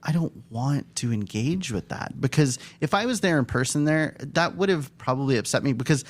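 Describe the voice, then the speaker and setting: A man's voice: medium pitch, animated, normal speed. A man who does stand-up comedy, talking in an earnest, reflective way in a casual studio podcast chat.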